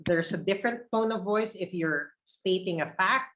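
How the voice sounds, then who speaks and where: A man's voice: high voice, moderate pace, rough recording. A man coaching call center trainees on a video call, shifting his energy up and down to show tone of voice. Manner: expressive, shifts energy up and down to demonstrate tone. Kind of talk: online training session.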